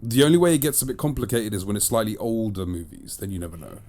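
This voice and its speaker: On the low side, warm and expressive, this man talks fast with slight background noise. He hosts a casual podcast, reviewing discs, chatting his opinions and repeating phrases to stress them.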